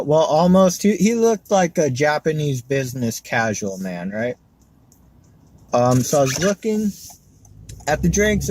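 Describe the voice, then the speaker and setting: A man's voice: on the high side, darkish tone. A man doing a stand-up set from his car while driving, telling stories in a wry, conversational way. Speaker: stand-up comedian. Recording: noisy car interior. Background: car and road noise.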